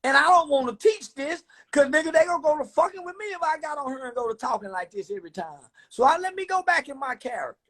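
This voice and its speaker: A man hosting a livestream, talking loud and profane, swinging between preaching and joking. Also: very high voice, lively intonation, fast, few pauses. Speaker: livestream host. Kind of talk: casual livestream rant.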